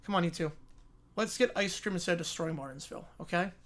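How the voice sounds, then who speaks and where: A man's voice: high voice, fast talker, pitched below the performer's own voice, close to an everyday voice. A man doing a weary, sarcastic young sitter. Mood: dry. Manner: calm, dry, sarcastic.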